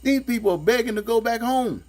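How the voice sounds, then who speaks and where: Speaking a little fast in a darkish-toned voice, a man reads scripture and critiques it casually. Expect sarcasm, a streetwise edge, strong emphasis and plenty of repetition; a low electrical hum can be heard throughout.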